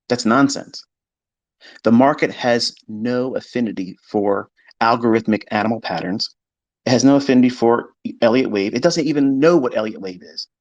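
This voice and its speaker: Man, mid pitch, blunt and profane, casual monologue to a live audio audience. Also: highs cut off. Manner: blunt, emphatic, swears, mimics skeptics in quoted asides. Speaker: trading educator hosting a live audio space. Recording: live audio chat stream.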